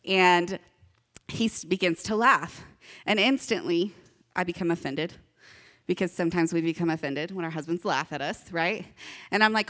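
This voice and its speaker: A woman's voice: fairly low pitch, bright, forceful tone. Young woman pastor, upbeat and chatty, leads call-and-response with kids. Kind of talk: children's sermon to a congregation.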